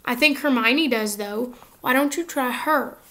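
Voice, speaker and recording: A woman voicing a quiet, slightly cheeky eleven-year-old boy in an audiobook reading. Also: sits high, measured pace, full character voice.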